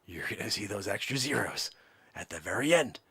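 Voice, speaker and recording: A man improvising a sleazy, pushy crypto salesman on the phone, who whispers secrets and then shouts hype. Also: huge pitch swings, slow, dry recording, full character voice. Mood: whispering, sly. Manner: hushed conspiratorial pitch then shouting hype. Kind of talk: improvised comedy sketch.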